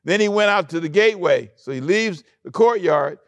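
A man pastor preaching a sermon in an animated way, acting out quoted lines and chuckling often. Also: high voice, normal speed, no echo.

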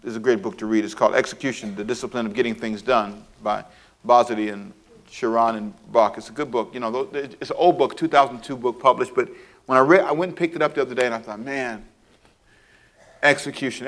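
A man preaching a sermon in an animated way, acting out little scenes with sound effects and playful asides. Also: mid-range voice, a little fast. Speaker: pastor.

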